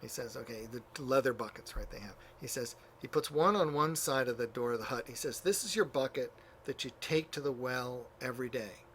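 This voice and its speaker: A man's voice: medium pitch, fairly quick, hardly any pauses, a bit bright, a little hiss or hum. Chatty male lecturer retelling a story. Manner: conversational storyteller with many fillers and asides. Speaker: church history teacher. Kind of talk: classroom lecture, retelling stories. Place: classroom.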